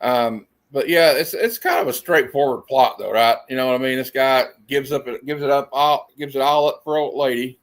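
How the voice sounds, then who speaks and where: A man hosting a casual movie chat, animated and quick to laugh. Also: mid-range voice. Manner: animated, quick to laugh, slips into silly impressions. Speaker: host of a movie discussion show. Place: home setup on a video stream.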